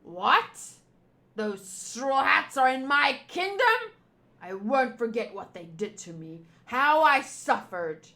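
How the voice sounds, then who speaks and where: A woman's voice: high voice, very animated, takes it slowly, full character voice. Woman doing a blustering villain king. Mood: furious. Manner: blustering, gloating, shouting orders. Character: pompous greedy villain king, male, loud.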